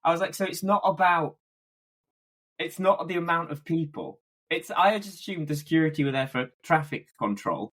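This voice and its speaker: A young man with a Yorkshire accent, co-hosting a casual podcast and telling stories with lively quoted asides. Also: a little high, normal speed. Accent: Yorkshire English. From Yorkshire, England. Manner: animated storytelling with quoted asides. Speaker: podcast co-host. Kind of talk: casual chat.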